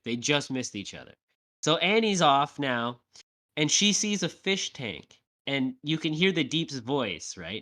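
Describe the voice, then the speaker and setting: Man, podcast co-host, casual TV recap, animated, swears a lot, somewhat high voice. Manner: tag questions like "right?".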